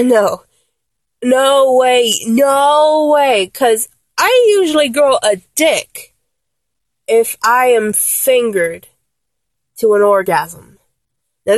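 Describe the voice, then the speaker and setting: A young woman voice actor, with a slightly high voice and no echo, performs a one-sided audio role-play as a flustered, blunt young woman. She sounds exasperated, stammering and swearing.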